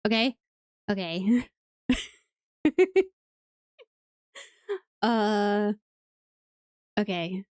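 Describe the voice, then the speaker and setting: A woman's voice: medium pitch, lively intonation, extremely slow, pauses often, a little mellow, clean tone, no echo, clean studio sound. A woman from Wales with a British accent, chatting playfully and rambling through live gameplay commentary as a streamer. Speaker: game streamer.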